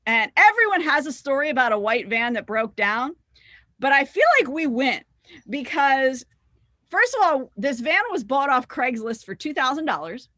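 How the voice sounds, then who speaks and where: A bright, high-pitched woman spins a tour story with lively swings in her voice, acting out every quote she tells. She sounds close and dry, like a podcast guest on the mic, and swears casually as she goes. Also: normal speed, no echo. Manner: animated, acts out quotes, swears freely. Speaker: singer in a rock duo, podcast guest. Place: podcast recording.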